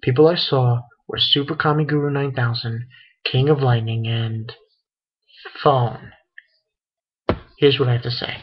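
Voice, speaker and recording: A man giving a casual, halting spoken review of a comic chapter, often restarting his sentences. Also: mid-range voice, steady tone, muffled recording. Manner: rambling, halting commentary with restarts. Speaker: manga reviewer.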